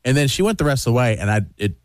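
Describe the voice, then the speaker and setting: A man's voice: medium pitch, big pitch swings, very fast, clear, resonant tone, no echo, clean studio sound. A middle-aged man hosting a radio show who tells a story in casual chat and acts out other people's lines.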